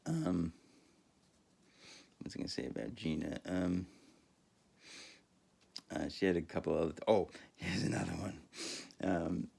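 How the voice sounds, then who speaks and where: A man's voice: sits low, unhurried, gravelly, long pauses, a little mellow, husky. A man podcaster telling a rambling, profane story in a casual monologue, full of fillers and laughing at himself.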